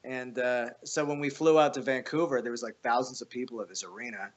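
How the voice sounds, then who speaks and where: A man at a medium pitch talks loosely and animatedly as a podcast guest. He swears freely, stumbles over restarts and keeps pushing the story forward. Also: steady tone, fast, lo-fi sound. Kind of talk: casual storytelling.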